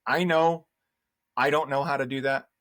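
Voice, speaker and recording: A man's voice: medium pitch, normal speed, dry recording, studio quality. A man co-hosting a casual podcast chat, telling stories animatedly and acting out both sides of conversations. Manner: animated storyteller acting out dialogue. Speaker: podcast co-host.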